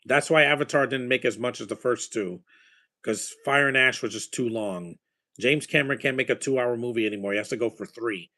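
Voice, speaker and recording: Brisk and sharp-toned, with a medium pitch, this man gives reactions while watching a movie. He chats casually, rambling with excitement about films and their music.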